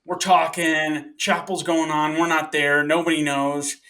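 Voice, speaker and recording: A man's voice: on the high side, unhurried. A young man co-hosting a podcast, telling jokey stories about his school days and poking fun at himself. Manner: animated storyteller, jokey, self-mocking. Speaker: podcast co-host. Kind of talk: casual chat, storytelling.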